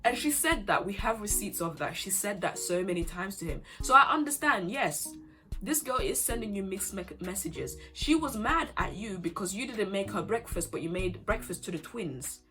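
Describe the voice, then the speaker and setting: A young woman runs through a reality show in casual vlog commentary. She is sassy and animated, calling people out directly. Faint music plays softly behind her. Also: medium pitch, moderate pace. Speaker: vlogger.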